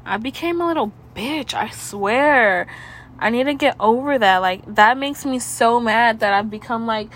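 A woman's voice: fairly high pitch, unhurried, a bit bright. A young woman with a stuffy nose hosting her own podcast, rambling in casual chat full of "like" and swearing. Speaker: podcast host.

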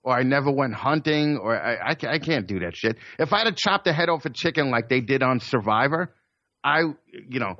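A man's voice: medium pitch, animated, a little fast, pushed and bright, no room sound, highs cut off. A man telling stories in casual chat, profane and rambling, with stammered restarts.

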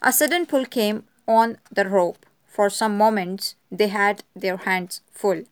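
Slow, measured woman narrator. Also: mid-range voice, clear, resonant tone, no room sound. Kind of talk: audiobook narration.

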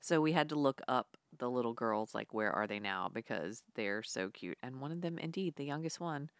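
A woman's voice: very deep voice, animated, moderate pace, smooth, no room sound. A woman co-hosting a casual chat, retelling a film's plot with laughs and casual swearing. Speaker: podcast co-host. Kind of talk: casual film recap chat.

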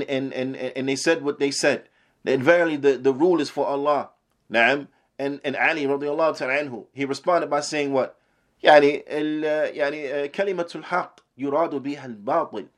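A man teaching a religious lesson who asks rhetorical questions, quotes Arabic and then translates it. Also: on the high side. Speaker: Islamic teacher. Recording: podcast lesson recording.

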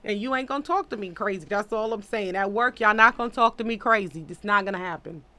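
A woman's voice: mid-range voice, quick pace, sharp tone. A woman hosting a podcast, chatting casually and bluntly, cursing and laughing as she reads listener comments. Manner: blunt, profane, laughs a lot. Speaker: podcast host.

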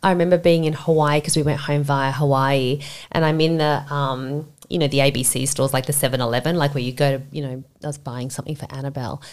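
Low-voiced Australian woman, reflective. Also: steady tone, quick pace. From Sydney, Australia. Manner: reflective, rambling, many fillers. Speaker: podcast guest. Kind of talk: candid conversational interview.

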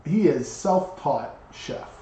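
Rambling, fairly high-voiced podcast man. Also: slow pace, a little hiss or hum. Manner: rambling, animated storytelling with many restarts. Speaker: podcast co-host. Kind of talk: casual chat. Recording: echoey room, dull lo-fi sound.

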